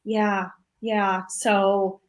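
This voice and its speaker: A woman's voice: mid-range voice, flat delivery, very slow, slight background noise. A woman in her forties from California, a guest in a live interview, answering modestly and a bit hesitantly. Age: 40s. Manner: modest, hesitant, short replies.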